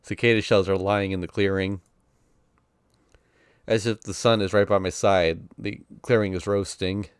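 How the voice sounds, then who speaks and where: A man's voice: sits low, little pitch movement, moderate pace, pauses often, smooth, dry recording, studio quality. A man reading a visual novel aloud on stream, narrating casually in the first person. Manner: casual first-person narration that voices sound effects playfully.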